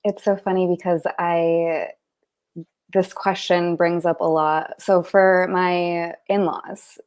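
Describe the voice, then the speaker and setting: A woman from Rhode Island co-hosting a casual live chat, relaxed and quick to laugh. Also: fairly low pitch, clean tone. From Rhode Island, United States. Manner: relaxed, laughs often, many fillers. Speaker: co-host.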